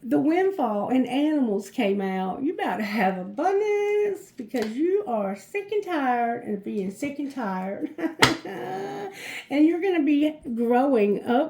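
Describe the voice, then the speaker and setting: A woman with a fairly high voice gives a chatty tarot card reading to her viewers. She is effusive and giggles often between her messages. Her voice rings out in an echoey room. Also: sing-song, a little slow, darkish tone, a little hiss or hum. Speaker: tarot reader.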